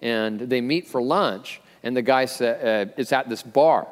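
A man, the lead pastor, preaching a conversational sermon, often pausing on fillers and restarting phrases. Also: medium pitch, long reverb tail.

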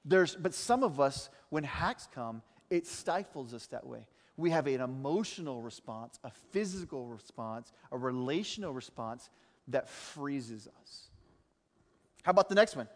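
A middle-aged man preaching a sermon as a pastor, telling stories in an animated way and mimicking other people's voices. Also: medium pitch, a little slow. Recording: reverberant church hall.

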